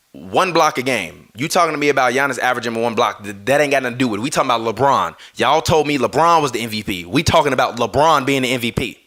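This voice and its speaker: A basketball podcast host with a pushed, bright, mid-range voice rants heatedly on a live stream, swearing and arguing with viewers. Streaming through a mixer, he apologizes for audio trouble with it.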